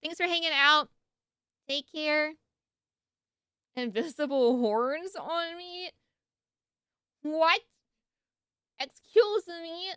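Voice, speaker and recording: A woman's voice: high-pitched, slow pace, pauses often, bright, forceful tone, no room sound, clean studio sound. A woman streamer in casual live-stream chat, playful and jokey, laughing often and yawning sleepily.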